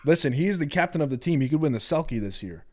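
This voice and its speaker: A young man co-hosting a casual sports betting podcast, answering ribbing with calm, defensive banter. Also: a little high, fast talker. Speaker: podcast co-host.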